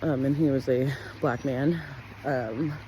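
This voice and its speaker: A woman's voice: takes it slowly, a little hiss or hum. Blunt, candid woman telling her story. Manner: blunt and profane, with frequent "like" fillers; animated, jumps in pitch when acting out her own past words. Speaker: wellness practitioner sharing her life story. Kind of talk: candid personal storytelling to camera.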